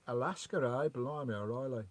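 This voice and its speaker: Outdoors by a loch beside his van, a vanlife livestream host chats casually, greeting viewers and reading their messages on a remote mic. His voice is medium-pitched and fairly quick.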